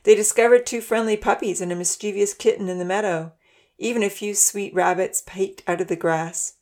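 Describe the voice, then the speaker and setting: A woman narrating a children's story in a gentle, even storytelling manner. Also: medium pitch, fairly quick.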